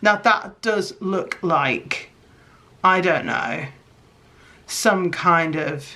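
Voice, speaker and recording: Slow-talking woman doing crafts. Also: lowish voice. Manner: chatty, excitable, self-mocking, gasps at results. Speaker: crafting vlogger. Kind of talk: casual craft chat to camera.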